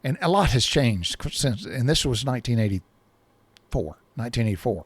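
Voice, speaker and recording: A man's voice: medium pitch, big pitch swings, moderate pace, breathy edge, dry recording. A man in his sixties telling a personal story in a folksy, rambling way, often repeating himself.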